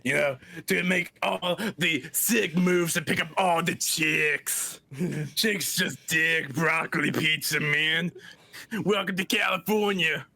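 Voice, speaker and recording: A man's voice: a little high, takes it slowly, gravelly, pushed and bright, heavily acted. A man voicing a laid-back male California surfer dude with a drawling, slangy delivery. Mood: chill.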